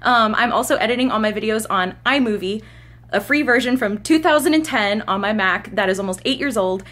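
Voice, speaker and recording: A woman's voice: a little high, fairly quick, a bit bright. Upbeat young woman on a phone mic. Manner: upbeat, enthusiastic, chatty. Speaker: gaming YouTuber. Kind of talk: informal channel update vlog. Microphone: smartphone camera mic held close. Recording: smartphone mic, faint background noise.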